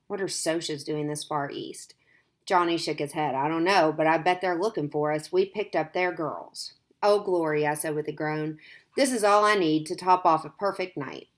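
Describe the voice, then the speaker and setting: A woman reading a novel chapter aloud to listeners, narrating and lightly voicing the characters in her own voice. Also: lowish voice.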